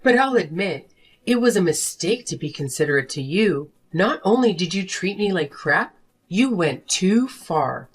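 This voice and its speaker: A woman voicing a furious wife and mother who confronts her selfish husband in an animated drama. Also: lowish voice, a little slow, slightly rough. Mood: confrontational. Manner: sharp, accusing, confrontational. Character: fed-up wife and mother demanding divorce. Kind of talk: animated story voice acting.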